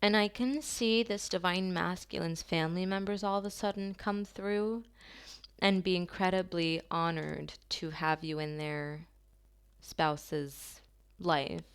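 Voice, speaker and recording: A woman giving a channeled tarot reading to her viewers, talking softly and slowly in an affirming way, with long pauses. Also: on the low side, fairly even intonation, clean tone. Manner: soft, slow and affirming, with drawn-out pauses.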